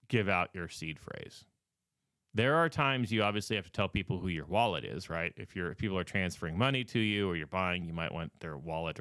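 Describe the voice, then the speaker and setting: A podcast host, a man with a lowish voice that is wearing thin as he loses it. He talks casually and with emphasis, repeats his warnings and fills pauses with ums. The sound is dry and close to the mic. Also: fairly bright tone, dry recording. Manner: repetitive, emphatic warnings with many fillers. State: losing his voice. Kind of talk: casual advice talk.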